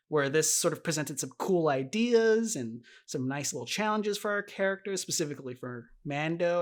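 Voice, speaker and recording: A man co-hosting a podcast in casual recap chat, enthusiastic and teasing, laughing often. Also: fairly high pitch. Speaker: podcast co-host.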